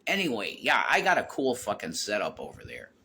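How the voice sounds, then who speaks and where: A man's voice: fairly low pitch, huge pitch swings, fairly quick, pushed and bright, a little hiss or hum. A man rambling and swearing as he walks around his house, vlogging into his phone. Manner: rambling, repeats himself, swears a lot. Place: home, walking around with a phone.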